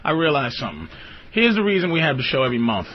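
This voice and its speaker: A man hosting a call-in radio show, ranting comically and profanely, jumping into high squeaky outbursts and laughing often. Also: very animated, quick pace, slight background noise. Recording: dull lo-fi radio broadcast.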